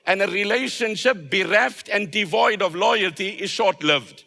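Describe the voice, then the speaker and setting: A man's voice: high voice, unhurried, gravelly, pushed and bright. A man, an Islamic scholar, delivering an emphatic sermon with rhetorical repetition. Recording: long hall reverb.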